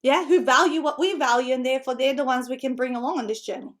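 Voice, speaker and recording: An Australian woman coaching would-be authors in a seminar talk, bubbly and quick to laugh. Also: high-pitched. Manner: bubbly, laughing often, animated. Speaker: author and book-writing coach.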